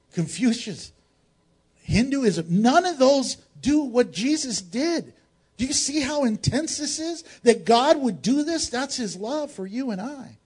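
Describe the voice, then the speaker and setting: A male pastor preaching a sermon dramatically, swinging between raised exclamations and hushed low tones and putting rhetorical questions to the congregation. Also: husky.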